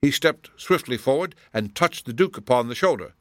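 A man narrating a classic story in a formal, even storytelling manner on a close microphone. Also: mid-range voice, normal speed, no room sound. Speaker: audiobook narrator. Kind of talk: scripted narration.

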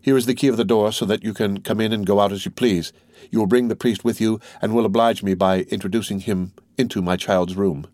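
A man's voice: lowish voice, steady tone, fairly quick, a little mellow, no room sound, clean studio sound, natural voice. A man voicing a grieving father in a read-aloud story, speaking formally and wearily in short, clipped sentences. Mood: weary. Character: grieving father, a stern king's attorney.

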